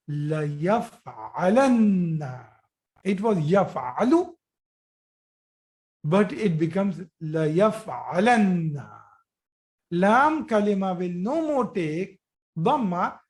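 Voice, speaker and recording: Slow, patient online grammar teacher. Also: female voice, mid-range voice, darkish tone. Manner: slow, repetitive explaining, asks students questions. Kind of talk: live online grammar lesson.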